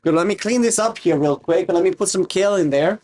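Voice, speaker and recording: A man's voice: high-pitched, brisk, darkish tone. A young man from Romania with a mixed, self-taught accent, chatting casually with his stream chat while he cooks. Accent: mixed, mostly learned online. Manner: rambling, chatty, reads and answers chat.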